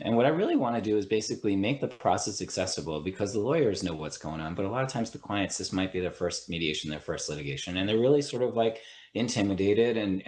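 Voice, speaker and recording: The speaker is a man with a fairly low, darkish voice, recorded in a reverberant room. An attorney and mediator on a podcast, he earnestly explains ideas in conversation, breaking his thoughts with restarts and repeated "right?"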